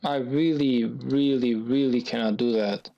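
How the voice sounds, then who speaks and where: Gravelly man ranting over gameplay. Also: mid-range voice, fairly even intonation, measured pace, muffled recording. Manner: agitated, repetitive venting. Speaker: gaming YouTuber. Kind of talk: gameplay commentary rant.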